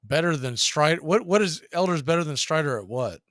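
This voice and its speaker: A man calls a baseball game pitch by pitch, brisk and openly pulling for his team. His voice is smooth and resonant, a bit high for a man, and recorded dry and close with no room sound. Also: animated, fairly bright tone, no echo. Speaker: radio play-by-play announcer. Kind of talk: live baseball play-by-play.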